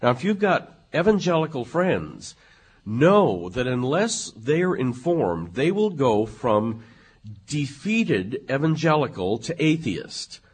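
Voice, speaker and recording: A man speaking in an emphatic, professorial way as a guest on a theology talk show, slowing down to stress points. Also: medium pitch, breathy edge. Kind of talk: lecture-like conversation.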